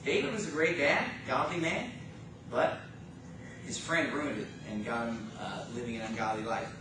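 A man's voice: medium pitch, normal speed, background noise. A man preaching a sermon as pastor, emphatic and rising and falling in force, recorded from a distance in an echoey church. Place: church sanctuary. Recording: echoey church room from far off.

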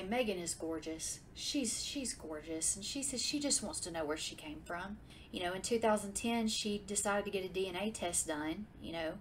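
A woman recaps a crime documentary for her podcast in a loose, conversational way. She drifts into exasperated, sassy rants. A faint noise floor sits under her voice. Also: mid-range voice. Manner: chatty, swings into exasperated ranting. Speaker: podcast host. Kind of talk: casual true-crime recap.

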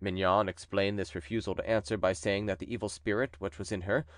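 A man narrating a classic text as an audiobook, telling the story in a lively, expressive way. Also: fairly low pitch, brisk, no room sound, studio quality.

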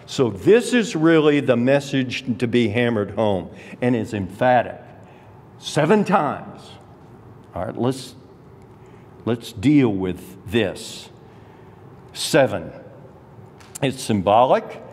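A man's voice: mid-range voice, expressive, darkish tone. A man teaching Scripture in a sermon, explaining a passage point by point with emphatic rises. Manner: deliberate expository preaching with emphatic rises. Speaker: Bible teacher. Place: church sanctuary. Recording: long church hall reverb.

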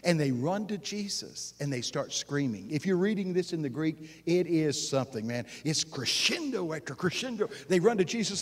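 A preacher with a fairly high voice delivers a sermon at a live conference. He is folksy and animated, dropping into hushed asides and then rising to loud exclamations. He keeps pulling the crowd in with direct questions. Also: normal speed, few pauses. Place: live conference session before an audience.

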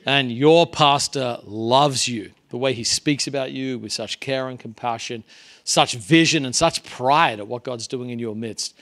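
A man's voice: mid-range voice, a little slow, a bit bright. A man preaching a sermon as a visiting pastor in a church, earnest and conversational. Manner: earnest, conversational, varying pace and volume. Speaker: guest preacher.

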